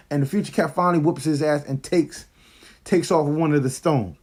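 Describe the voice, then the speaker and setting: A man with a fairly high voice talks fast and excitedly while casually reviewing a movie. He retells scenes in loose, slangy speech.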